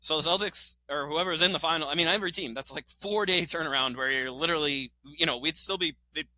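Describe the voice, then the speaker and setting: A man co-hosting a casual sports podcast, talking with fast, excited opinions, laughing often and swearing now and then. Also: fairly high pitch, rough recording. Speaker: podcast co-host.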